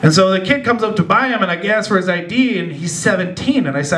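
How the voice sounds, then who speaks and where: A young man with a fairly high voice tells stand-up stories in a loose, laid-back way, jumping into quick voices for the people in them. He sounds like he is in a small, echoey club, and a crowd laughs around him. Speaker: stand-up comedian. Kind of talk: stand-up set. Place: small club with a live audience.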